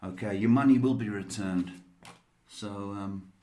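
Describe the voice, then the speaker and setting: Slow, hesitant man giving card readings. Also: on the low side, dark tone, slight background noise. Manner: slow, hesitant, affectionate, many ums and pet names. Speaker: psychic reader answering viewers' questions. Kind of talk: live-streamed card reading.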